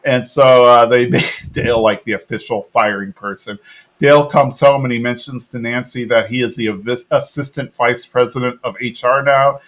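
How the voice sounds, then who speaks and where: A man with an ordinary mid-range voice talks through a cartoon episode on a podcast. He rambles along in a loose, casual way, full of fillers and quick laughs. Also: medium pitch, steady tone, fairly bright tone. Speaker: podcast co-host. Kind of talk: casual recap chat.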